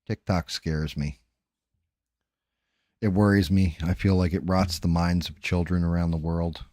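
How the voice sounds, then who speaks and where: A man with a New Jersey accent, hosting a casual live stream while painting, talking fast, rambling and swearing. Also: deep voice, fairly even intonation, dark tone, no echo, clean studio sound. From New Jersey, USA.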